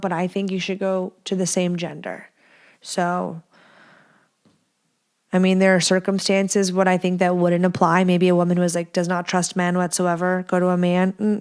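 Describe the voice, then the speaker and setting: A woman's voice: on the low side, darkish tone, clear, resonant tone. A woman in her thirties hosting a podcast, giving candid advice in a frank, blunt way, swearing freely and acting out the people she quotes. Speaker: podcast host.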